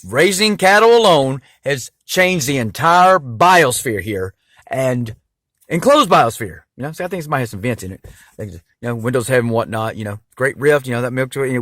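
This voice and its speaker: A man's voice: medium pitch, a bit bright, no room sound, studio quality. A man talking straight to camera in a rambling monologue, full of fillers and restarts.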